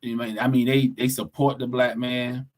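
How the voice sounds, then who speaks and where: A man's voice: medium pitch, little pitch movement, moderate pace. Blunt, preachy podcast co-host man. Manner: blunt, preachy, profane, emphatic. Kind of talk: casual opinionated podcast talk.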